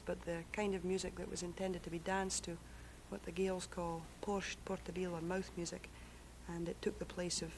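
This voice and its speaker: A Scottish woman, a folk singer guest, answering softly and explaining old songs in a measured way. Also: lowish voice. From Scotland. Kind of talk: soft-spoken interview answers. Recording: faint background noise, 1960s TV broadcast.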